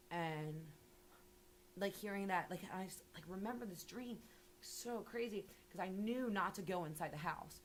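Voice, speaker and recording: A woman's voice: mid-range voice, normal speed, a little hiss or hum. A young woman talking casually and animatedly, rambling with lots of filler words and swearing. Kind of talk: casual interview monologue.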